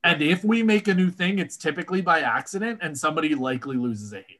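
A man co-hosting a casual podcast about a book series, talking in animated, emphatic bursts. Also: fairly high pitch, fast. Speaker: podcast co-host.

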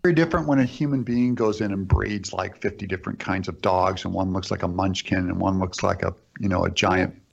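A man with a low, gravelly voice argues firmly in a debate, stacking up his examples one after another. The sound is dull and lo-fi, as if replayed from a stream. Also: steady tone, brisk, few pauses. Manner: assertive, builds points in lists. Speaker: debate guest arguing for creation. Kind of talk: argumentative discussion.

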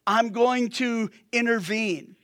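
A man voicing God as a calm, reassuring speaker in a sermon retelling. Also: extremely high pitch, slow pace, exaggerated voice. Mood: breezy. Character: God speaking calmly to a troubled prophet.

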